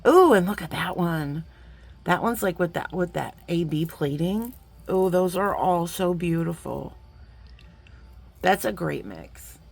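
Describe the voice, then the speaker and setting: A woman's voice: lowish voice, lively intonation, measured pace, creaky, breathy edge. Gushing chatty woman with a lilt. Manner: chatty and gushing, talks to viewers as friends; sometimes drops to a playful whisper. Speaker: jewelry-making vlogger. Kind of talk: casual unboxing chat.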